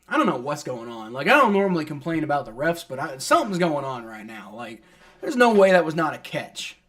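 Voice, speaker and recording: A man's voice: a little high, very animated, moderate pace, a bit bright. A man giving live play-by-play of a football game as a fan, exasperated, complaining and swearing casually. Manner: exasperated, complaining at refs and players; swears casually, many fillers like "like". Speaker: fan streamer doing play-by-play.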